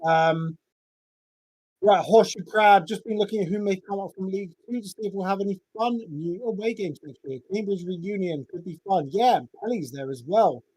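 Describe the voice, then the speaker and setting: English man, podcast host, high voice, rambling chat, dry close sound. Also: moderate pace, a little mellow, breathy edge, no room sound, low-quality recording. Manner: rambling, chatty, self-interrupting. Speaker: podcast host taking fan calls. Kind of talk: live call-in fan podcast chat. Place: home setup, talking over a voice chat. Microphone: home microphone, sounded muffled at first.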